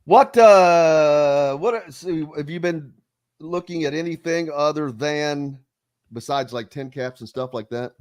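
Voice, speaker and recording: A man hosting a casual sports radio talk show, halting and restarting often. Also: on the high side, darkish tone.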